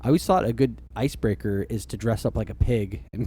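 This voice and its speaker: This man co-hosts a podcast in a fairly low, mellow, slightly rough voice, talking a little fast with lively intonation. His casual chat rambles, is heavy on "like," and is full of laughter.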